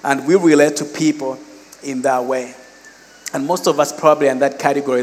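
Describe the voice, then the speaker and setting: Preacher in a reverberant hall. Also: male voice, a little high. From Malawi. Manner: storytelling, animated quoted voices, conversational asides. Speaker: pastor. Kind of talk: sermon.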